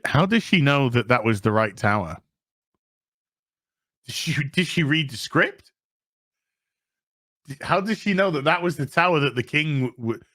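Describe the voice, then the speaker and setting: A man's voice: on the high side, bright, forceful tone. A man with a Yorkshire accent hosting a TV review, recapping an episode in a sarcastic, profane rant and putting on mocking voices for the characters. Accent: Yorkshire English. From England. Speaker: TV review host.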